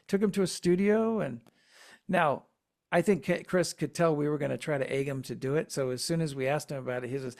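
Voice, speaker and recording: A man hosting a podcast in casual chat, talking haltingly with many repeated words and fillers. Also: fairly high pitch. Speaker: podcast host.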